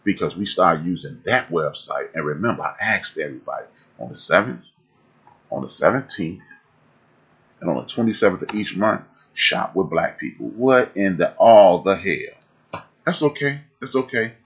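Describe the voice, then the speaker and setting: Man, deep husky voice, sharp forceful delivery, dull lo-fi stream audio. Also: expressive, moderate pace. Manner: fiery and preachy, repeats phrases for emphasis. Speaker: podcast host. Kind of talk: live-streamed talk.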